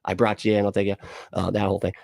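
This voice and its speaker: A man's voice: lowish voice, flat delivery, very fast, vocal fry, darkish tone, dry recording. A man hosting a livestream reaction, speaking in a profane, sarcastic and incredulous manner into a close mic. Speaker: livestream host.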